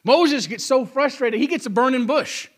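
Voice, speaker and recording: A man's voice: very high voice, normal speed. A male preacher delivering a sermon in an emphatic, conversational way, repeating key phrases.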